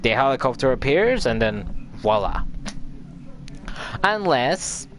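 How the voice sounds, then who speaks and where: A man's voice: medium pitch, big pitch swings, slow pace, a bit bright, slight background noise. A man host casually recapping a video game story, rambling and repeating filler words as he recalls events. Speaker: gaming channel host.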